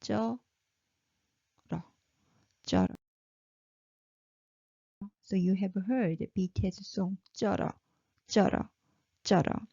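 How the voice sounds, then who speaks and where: A woman's voice: medium pitch, normal speed, vocal fry, pauses often, mellow, no echo. A woman teaching pronunciation, saying each syllable three times and praising her learners. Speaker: Korean language teacher. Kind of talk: slow, drilled pronunciation lesson. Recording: slightly dull, lo-fi recording.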